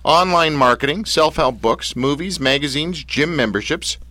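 A man hosting a radio interview, joking and self-deprecating, with halting fillers. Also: on the high side, pushed and bright, no room sound. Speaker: radio show host.

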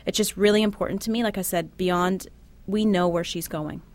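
A middle-aged woman, a guest in an interview, telling a personal story in a soft, halting way with many restarts. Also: medium pitch, fairly even intonation. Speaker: interview guest, bereaved mother. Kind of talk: personal testimony.

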